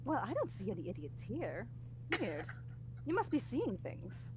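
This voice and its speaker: A woman's voice: on the high side, huge pitch swings, normal speed, a little mellow, slight background noise, low-quality recording. Woman playing a cheeky young adventurer girl. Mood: teasing. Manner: teasing, mock-innocent.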